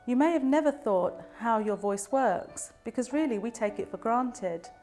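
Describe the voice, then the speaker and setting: A woman, a speech and language therapist, explaining voice problems in a calm, clear and measured way. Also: a little high, soft background music. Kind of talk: explanatory educational talk to camera.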